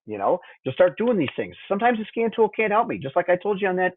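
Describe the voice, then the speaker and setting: A man's voice: high voice, big pitch swings, fast, dry recording. A man teaching diesel engine diagnostics in a conversational webinar, checking in with listeners by asking "okay?" and "would you agree?". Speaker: diesel technician instructor. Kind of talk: technical webinar walkthrough. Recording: dry, tinny phone-like audio.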